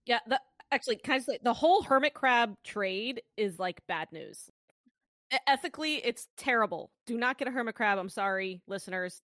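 An American woman co-hosts a podcast, speaking with earnest emphasis in casual chat. Her voice sits fairly high. She sounds a little set back from a dry microphone. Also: animated, normal speed, a bit bright, no room sound. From United States. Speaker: podcast co-host.

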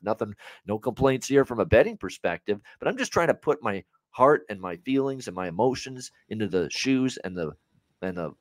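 Man, lowish voice, heated ranting podcast co-host, casual swearing, dry close sound. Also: dry recording. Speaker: sports betting podcast co-host.

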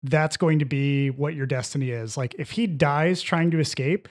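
A man's voice: a little high, moderate pace. A man talking through a film in a casual podcast discussion, rambling with many fillers and restarts. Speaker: podcast co-host.

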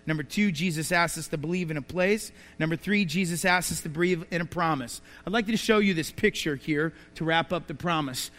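A man's voice: fairly high pitch, fairly quick, hardly any pauses, fairly bright tone. A man preaching a sermon as a pastor, telling stories and asking the congregation rhetorical questions. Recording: reverberant hall.

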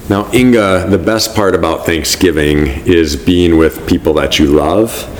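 A man with a Milwaukee accent chats casually as a podcast co-host. His voice is very low, and faint noise sits behind it. He sets up listener questions in a relaxed, friendly way. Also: measured pace. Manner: chatty, reads listener questions.

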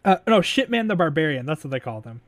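Rambling man, slightly high, very dry sound. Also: very animated, quick pace, no room sound. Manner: rambling, filler-heavy retelling with frequent laughs; swears casually. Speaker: podcast host recapping a movie. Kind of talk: casual chat.

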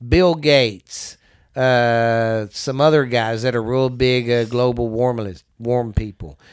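A man's voice: mid-range voice, steady tone, slow, smooth. A man hosting a casual talk show, ranting bluntly with lots of swearing.

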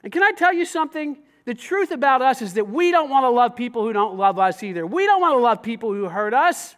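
A man preaching a sermon to a congregation in a church, animated and conversational with casual slang. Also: extremely high pitch, brisk. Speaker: pastor.

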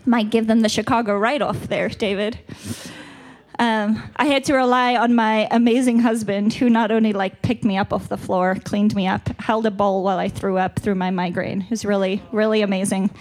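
A South African woman with a medium-pitched voice speaks at a moderate pace with fairly even intonation. She gives a conversational, candid talk at a church retreat, stuffy-nosed and now and then chuckling at herself.

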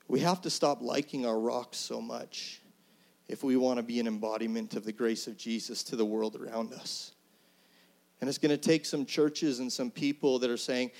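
A middle-aged man, a pastor, preaching an earnest, conversational sermon that swings between soft, hushed lines and loud, emphatic ones. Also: mid-range voice, moderate pace.

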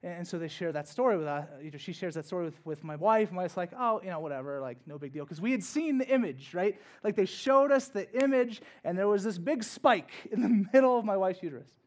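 Higher-voiced man preaching a personal story. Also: a little fast, hardly any pauses. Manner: conversational, building from hushed to loud and emphatic. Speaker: pastor. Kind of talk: sermon told as a personal story. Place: church.

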